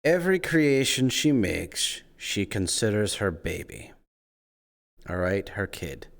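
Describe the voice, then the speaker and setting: A man's voice: on the low side, sing-song, slow, vocal fry. A man chatting in character during a roleplay, playful and teasing, his voice jumping up when he acts offended. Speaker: roleplay player.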